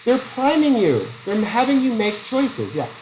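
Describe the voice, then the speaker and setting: A man's voice: very high-pitched, wildly swooping pitch, unhurried, darkish tone, a little hiss or hum, poor audio. Chatty male psychology teacher lecturing. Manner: chatty, asks the class questions, tells personal stories. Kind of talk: classroom lecture.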